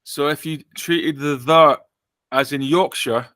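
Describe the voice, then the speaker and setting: British male podcast host, bright sound, dry close mic, jokey and rambling. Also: on the high side, slow, no echo. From Britain. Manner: joking, rambling with self-corrections. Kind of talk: casual chat.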